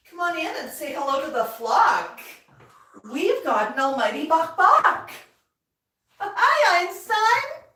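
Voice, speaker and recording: A woman's voice: high-pitched, pushed and bright. A woman hosting a pet vlog, cooing and chatting in sing-song baby talk to her parrot. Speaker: parrot owner and channel host. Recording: roomy, distant mic, faint music.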